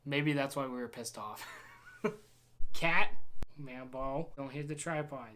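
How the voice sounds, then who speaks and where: A man's voice: medium pitch, slow, pushed and bright, a little hiss or hum. A young man narrating a casual travel vlog from a hotel room, telling rambling, jokey stories. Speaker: vlogger.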